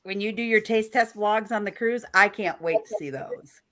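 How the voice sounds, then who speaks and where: A woman's voice: mid-range voice, moderate pace, fairly bright tone. A woman hosting a casual live-stream chat. She is chatty and encouraging and asks her guests lots of questions.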